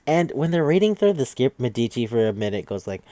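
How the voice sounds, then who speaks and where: A man's voice: mid-range voice, big pitch swings, brisk, dark tone, no room sound. A man hosting a podcast, giving a casual, rambling, profane recap of an anime with wry asides. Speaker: podcast host.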